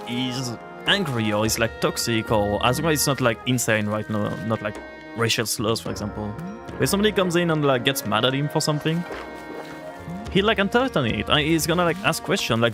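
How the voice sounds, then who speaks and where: Man, streamer, casual gaming chat, mid-range voice, rambling, filler words, soft game music behind. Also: medium pitch. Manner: rambling, heavy use of "like" fillers; reacts to and answers chat aloud.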